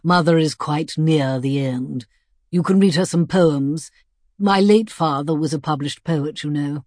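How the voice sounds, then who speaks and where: A woman's voice: deep voice, unhurried, a little mellow, no echo, clean studio sound. A woman voicing a tall, melancholy middle-aged man who speaks in a solemn, matter-of-fact way.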